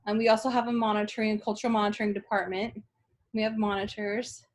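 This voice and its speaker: A woman's voice: medium pitch, level tone, fast. A woman in her forties, from San Diego, introducing herself as a student in an online class, friendly and a little nervous. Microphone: video call.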